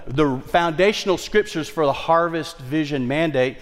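Fervent preaching man in a reverberant hall. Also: moderate pace. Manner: emphatic preaching, repeats key phrases, dynamic swings in pitch and volume. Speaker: pastor. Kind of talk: sermon. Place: large church worship center.

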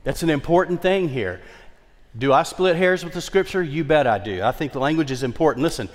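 A male pastor preaching a sermon with emphatic delivery and wide swings in pitch and loudness. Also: expressive, brisk. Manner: emphatic preaching, repeats key phrases, dynamic swings in pitch and volume. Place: large church worship center. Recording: long hall reverb.

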